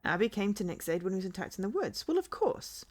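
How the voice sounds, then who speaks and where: A woman's voice: medium pitch, quick pace. A woman streamer casually commenting on a game, thinking aloud and reading on-screen text.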